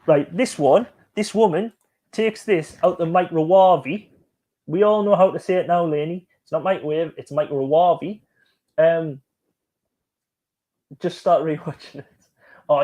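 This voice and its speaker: A man's voice: on the high side, mellow, dull audio. A man hosting a casual live stream, joking and chatting as he reacts to music videos and reads out viewer comments.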